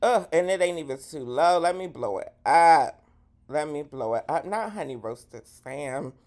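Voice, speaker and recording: A woman hosting a live gossip show, talking in a sassy, profane, dramatic way and swooping into high exclamations. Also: lively intonation, measured pace, a little mellow. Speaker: host.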